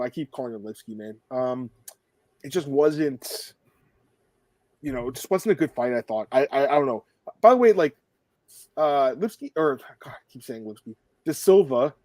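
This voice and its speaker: A man's voice: mid-range voice, expressive, moderate pace, darkish tone, no room sound. A man hosting a podcast in casual, joking, rambling chat. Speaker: podcast host.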